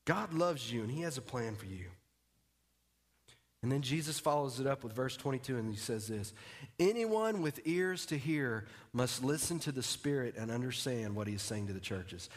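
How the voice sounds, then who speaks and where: A man preaching a sermon as pastor, conversational and joking, dropping to quiet emphasis on key points. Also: mid-range voice, expressive, normal speed.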